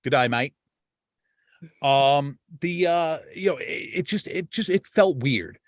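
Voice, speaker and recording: A man's voice: a little high, measured pace, dry recording, studio quality. A man hosting a podcast in casual chat, rambling with lots of restarts and cursing freely. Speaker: podcast host.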